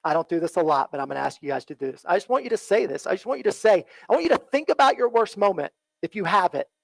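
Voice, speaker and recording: A man preaching a sermon in a church, earnest and repetitive, often asking "right?" and dropping low and soft when he quotes. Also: lively intonation, racing, vocal fry, no echo, rough recording. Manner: earnest, repeats phrases, asks "right?" often. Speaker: pastor.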